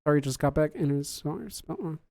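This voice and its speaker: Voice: mid-range voice, expressive, quick pace, vocal fry, darkish tone, no room sound, clean studio sound. A podcast host chatting casually on a livestream, reading viewer comments aloud, laughing often and joking about their own slips.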